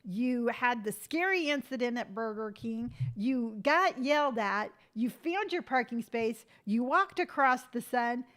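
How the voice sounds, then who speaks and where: A middle-aged woman with a somewhat high voice chats casually on a live stream. She tells loose, rambling stories full of fillers. She breaks off to answer viewer comments. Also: animated, unhurried, few pauses, fairly bright tone. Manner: chatty, rambling storytelling with many fillers; reads viewer comments aloud and answers them. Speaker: lifestyle vlogger hosting a live stream.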